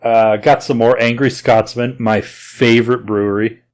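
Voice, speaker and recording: Here the Oklahoma-twanged podcast host talks at normal speed in a mid-range, slightly mellow voice with fairly even intonation. The chat is relaxed and meandering, packed with fillers.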